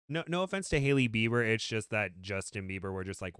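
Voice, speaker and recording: A man's voice: medium pitch, moderate pace, few pauses, fairly bright tone, smooth, no room sound, clean studio sound. A man co-hosting a casual chat stream, reading aloud and making playful jokey asides. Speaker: podcast co-host.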